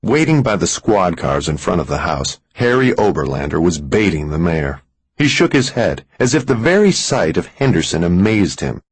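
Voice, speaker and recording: A man reading a thriller audiobook in a measured, expressive storytelling manner. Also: sits low, slightly rough, no echo. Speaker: audiobook narrator. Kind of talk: scripted thriller narration.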